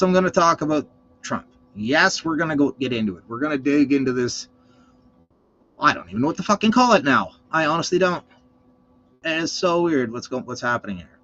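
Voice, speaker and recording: A man's voice: medium pitch, a bit bright, a little hiss or hum. A man hosting a casual reaction vlog, rambling and swearing constantly. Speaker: vlog host. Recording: lo-fi dull sound.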